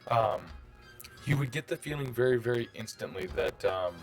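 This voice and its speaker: A man's voice: medium pitch, normal speed, faint music behind. A man running a tabletop game, describing the scene in a rambling, casual way with lots of fillers. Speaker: game master.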